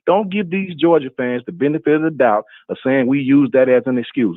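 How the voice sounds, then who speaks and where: A man's voice: mid-range voice, a little fast, hardly any pauses, no echo. A man calling in to a sports talk show, emphatic and insistent, repeating his points. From Huntsville area. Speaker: caller. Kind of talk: call-in radio talk. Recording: tinny phone line.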